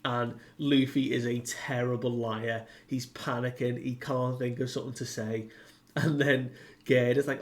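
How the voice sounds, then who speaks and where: A man talks through a comic chapter at an unhurried, drawn-out pace, his pitch sitting in an ordinary middle range. His delivery is loose and rambling, and he fills it with "like" as he retells the characters' lines in his own words. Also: little pitch movement. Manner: rambling, heavy use of "like", paraphrases characters. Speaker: manga reviewer. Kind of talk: casual chapter recap.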